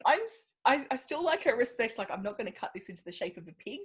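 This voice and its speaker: A woman's voice: on the high side, sing-song, quick pace, a little hiss or hum. A woman co-hosting a podcast in casual chat, giggling as she riffs on jokes. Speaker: podcast co-host.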